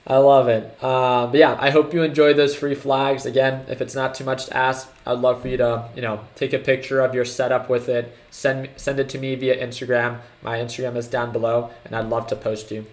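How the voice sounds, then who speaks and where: Excitable man hosting a trading livestream. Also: medium pitch, fairly quick, few pauses. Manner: excitable, hyping up viewers. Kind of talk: casual livestream commentary.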